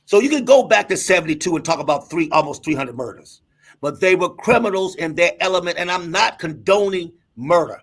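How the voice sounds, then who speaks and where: Man, middle-aged, guest doctor, emphatic storyteller, swooping lively pitch, husky tone. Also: brisk. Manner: emphatic, lively, laughs while telling stories. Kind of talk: animated storytelling.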